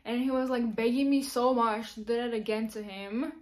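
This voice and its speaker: A young woman, her voice sitting a little high, tells a personal story straight to camera. She talks casually and giggles often, leaning on fillers as she goes. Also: steady tone, normal speed, a little mellow. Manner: chatty, giggly, many fillers. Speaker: vlogger.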